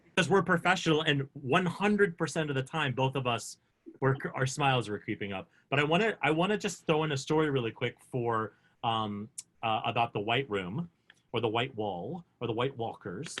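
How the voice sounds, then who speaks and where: A man co-hosting a casual video chat, telling backstage stories with lively acted-out quotes. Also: medium pitch, normal speed. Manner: lively, acts out quotes in funny voices. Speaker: co-host. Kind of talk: animated storytelling.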